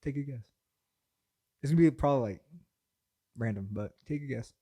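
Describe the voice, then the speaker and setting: A young man co-hosting a casual podcast, telling stories with lots of laughter and his voice jumping high when excited. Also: normal speed, breathy edge. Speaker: podcast co-host. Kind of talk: casual chat.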